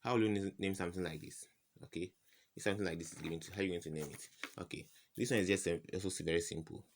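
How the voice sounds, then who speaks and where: Very deep-voiced man teaching chemistry. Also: steady tone, racing, vocal fry. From West Africa. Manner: asks rhetorical "what?" questions and repeats answers. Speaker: chemistry tutor. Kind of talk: informal whiteboard lesson.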